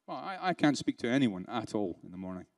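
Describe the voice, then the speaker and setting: A man's voice: mid-range voice, very animated, quick pace, vocal fry, no echo. British man giving a sarcastic keynote. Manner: conversational, rhetorical questions, dry sarcasm. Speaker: keynote speaker. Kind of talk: live conference keynote. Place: conference room.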